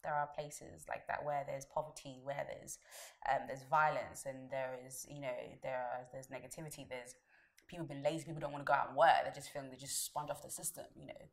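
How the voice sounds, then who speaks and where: Low-voiced, forthright Nigerian-born woman. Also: little pitch movement, a little fast. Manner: forthright, with frequent "you know". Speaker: interviewee. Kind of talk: interview opinion.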